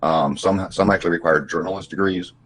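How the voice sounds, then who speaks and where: A man on a casual livestream call who talks with a slight stutter and halting restarts. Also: slight background noise. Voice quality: husky, deep, smooth voice. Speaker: guest.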